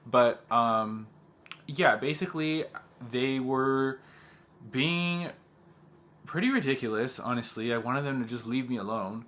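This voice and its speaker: A man's voice: medium pitch, unhurried, fairly bright tone. A young man, a teacher, telling a personal story in a casual vlog. He talks in an agitated way, says "like" often and quotes the other people in the story. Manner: agitated, heavy use of "like", quotes others in dialogue.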